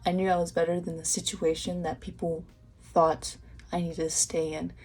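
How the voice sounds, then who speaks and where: In a low, husky, darkish voice with little pitch movement and a moderate pace, a young woman delivers a pick-a-card tarot reading. She talks directly to the viewer, earnest and encouraging, repeating points and restarting sentences.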